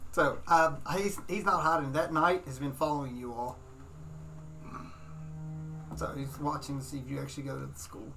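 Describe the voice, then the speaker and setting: A game master narrating a tabletop game in a halting way, often restarting phrases. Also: medium pitch, fairly even intonation, over music.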